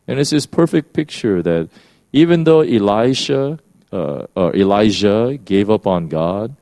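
A man's voice: fairly low pitch, animated, unhurried, dark tone, no echo. A man giving a conversational sermon, often restarting his sentences and acting out the quoted lines. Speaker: preacher.

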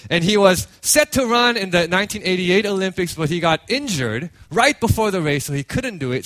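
A man preaching a sermon as a pastor, telling a story in an animated way with many restarts. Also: sits high, no echo.

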